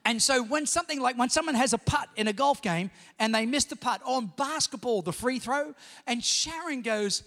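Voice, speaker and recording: A middle-aged man with an Australian accent preaching a sermon, telling personal stories in an animated way that climbs to shouting. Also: very high-pitched, normal speed. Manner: animated storytelling, rising to shouts. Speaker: pastor. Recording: long hall reverb.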